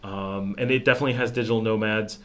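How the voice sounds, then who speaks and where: A middle-aged man hosting a casual live Q&A from home, telling stories in an animated, rambling way, with many restarts and acted-out quotes. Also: lowish voice, fast talker. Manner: animated, acts out quotes in changed voices, restarts often. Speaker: livestream host answering viewer questions. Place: home in a town abroad.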